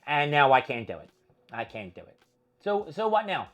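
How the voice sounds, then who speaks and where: A man's voice: fairly high pitch, very animated, normal speed, a bit bright, muffled recording. A young man hosting his own vlog, ranting in a profane, exasperated, casual monologue. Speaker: vlog host.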